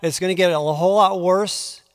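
A man preaching a conversational Bible teaching, moving between quiet asides and emphatic pleading. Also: sits high, fairly even intonation, normal speed, clean tone. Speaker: pastor. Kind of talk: sermon. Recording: long hall reverb.

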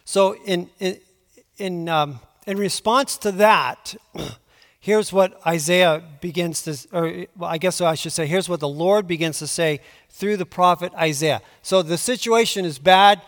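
A man preaching a conversational Bible teaching, moving between quiet asides and emphatic pleading. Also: high-pitched, measured pace. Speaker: pastor. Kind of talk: sermon. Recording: long hall reverb.

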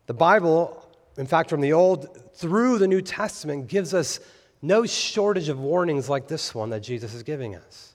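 A man's voice: on the high side, expressive, moderate pace, big-room sound. A man preaching a sermon as pastor, earnest and building to emphatic peaks on key phrases. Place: church sanctuary.

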